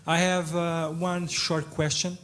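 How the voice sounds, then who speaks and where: A man's voice: fairly high pitch, flat delivery, slow, a bit bright. A man, an audience member asking a question, polite and hesitant. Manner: polite, hesitant, many fillers.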